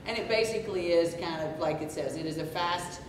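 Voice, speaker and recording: A woman's voice: on the low side, a little fast, background noise. A woman speaking in a conversational way at a conference, laughing easily as she explains. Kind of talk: conference talk. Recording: echoey room, distant mic.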